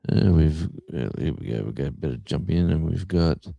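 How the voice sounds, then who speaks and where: Man, livestream host, very deep voice, gravelly, dark tone, rambling casual chat. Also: lively intonation, moderate pace, dry recording. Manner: rambling, chatty, full of fillers.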